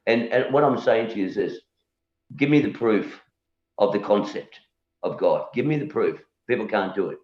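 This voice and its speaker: A musician guest chats casually in a lowish, expressive, slightly mellow voice at a moderate pace. He argues his point, challenges beliefs, repeats words and keeps checking in with "you know?" The room is echoey and the recording dull and lo-fi.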